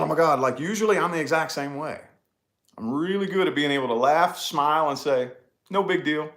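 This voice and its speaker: A man in his thirties co-hosting a casual chat, telling a story with swearing and voice jumps when he gets excited. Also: mid-range voice. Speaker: podcast co-host.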